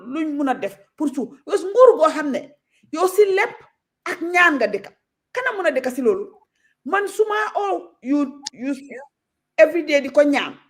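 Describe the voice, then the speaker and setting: A woman's voice: very high voice, darkish tone. A Gambian woman talking as a guest on a talk show, outspoken and passionate, moving freely between Wolof and English.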